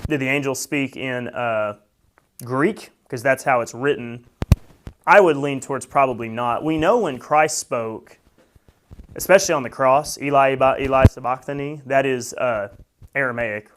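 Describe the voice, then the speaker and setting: A man's voice: mid-range voice, noisy background. A man teaching a Bible study in a casual, conversational way, with many fillers, who reads scripture aloud with emphasis.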